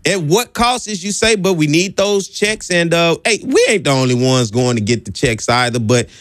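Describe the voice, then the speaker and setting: A man's voice: fairly high pitch, animated, moderate pace, fairly bright tone, no echo, studio quality. A man hosting a sports talk radio show, joking and slangy as he talks to guests and callers.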